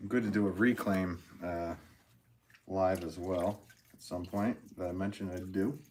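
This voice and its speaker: A man's voice: sits low, fairly even intonation, unhurried, darkish tone, slight background noise. A man who is a potter, chatting casually with viewers on a live stream, rambling and chuckling often as he reads comments.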